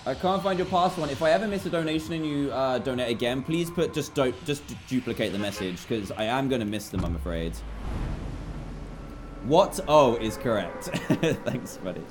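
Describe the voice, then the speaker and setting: A man's voice: mid-range voice, fairly quick, over music. A young British man chatting while streaming a game live, reading out donors' names and apologising often.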